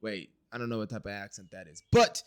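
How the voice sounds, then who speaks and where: A man's voice: fairly low pitch, big pitch swings, quick pace, clean tone, no room sound, clean studio sound. A man from Wisconsin talking through a casual spoken video diary, rambling and candid with some swearing. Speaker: video diarist.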